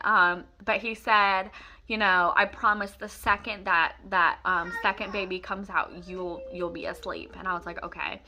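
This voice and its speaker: A woman's voice: medium pitch, moderate pace, pushed and bright. A young woman casually telling her own story to the camera, emotional and rambling, with many fillers and restarts.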